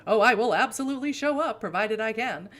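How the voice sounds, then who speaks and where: A woman's voice: a little high, animated, fairly quick, fairly bright tone, faint music behind, voice pushed up. A woman voicing a smarmy, wealthy male vampire lawyer in a theatrical old-time radio manner. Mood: grandiose.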